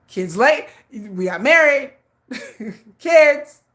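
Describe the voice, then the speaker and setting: A middle-aged woman hosting a livestream, telling a story in blunt, laughing, animated casual chat. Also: high-pitched. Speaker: livestream host.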